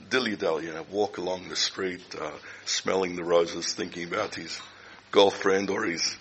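A middle-aged man preaching a sermon, speaking deliberately and repeating key phrases for emphasis. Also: fairly low pitch, a bit bright, slight background noise, low-quality recording.

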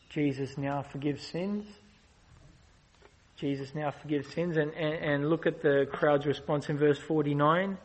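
A man preaching a sermon as a guest preacher, swinging between loud, passionate rises and soft, slow explanation. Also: a little high, rough recording.

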